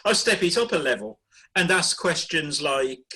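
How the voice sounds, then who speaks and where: Man, bright voice, slightly high, deadpan comic verse, video call. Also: normal speed, rough recording. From Birmingham, England. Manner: deadpan, wry delivery of rhyming jokes. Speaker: performance poet. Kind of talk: comic poetry reading.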